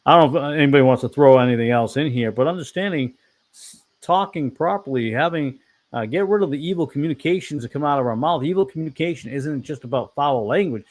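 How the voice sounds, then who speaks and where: Speaking quickly at a fairly high pitch, a man hosts an online fellowship talk. He rambles casually as he preaches, states his opinions bluntly, and often corrects himself.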